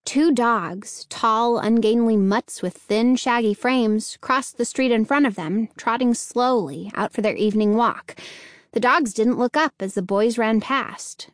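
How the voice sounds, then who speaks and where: A woman reading a children's story aloud in slow, measured narration. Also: on the high side, no echo, clean studio sound.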